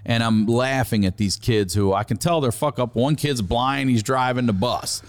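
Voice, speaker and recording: A middle-aged man from Maryland, a comedian guest telling a profane, animated story in casual conversation. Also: medium pitch, normal speed.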